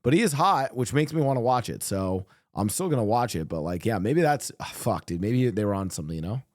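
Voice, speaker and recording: A man's voice: on the low side, lively intonation, brisk, a little mellow, no echo, clean studio sound. A man chatting casually on a stream as co-streamer, emphatic and swearing a lot.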